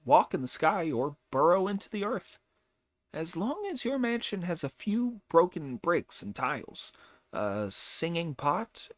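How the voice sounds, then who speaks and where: A man reading an audiobook, voicing a boastful, cocky male monkey disciple in a raised, lively voice. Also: a little high, no echo, voice pushed up.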